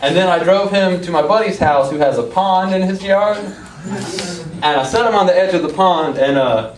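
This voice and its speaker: A man's voice: sits high, moderate pace. A man performing stand-up comedy on a club stage, telling a story in a laid-back way and laughing at his own jokes. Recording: echoey club recorded from far off with audience. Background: audience laughter.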